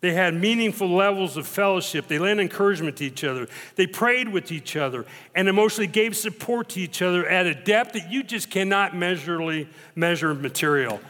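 A man preaching a sermon as pastor, emphatic and dramatic, slowing down to stress repeated phrases. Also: sits high, expressive, a bit bright. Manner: emphatic, dramatic retelling with slow stressed repetitions. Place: church sanctuary. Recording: long reverb of a church hall.

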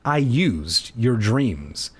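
A man reading aloud as a menacing young man who lives in a basement, speaking low, cold and insistent. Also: very animated, drawn-out words, slightly rough, heavily acted. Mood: calm. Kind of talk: comedic dramatic reading.

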